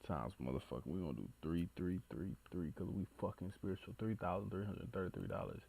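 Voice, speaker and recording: A man with a fairly low voice talking casually through a reaction video. He swears freely, gets excited, and stumbles over big numbers while muttering to himself. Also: fast, gravelly, husky.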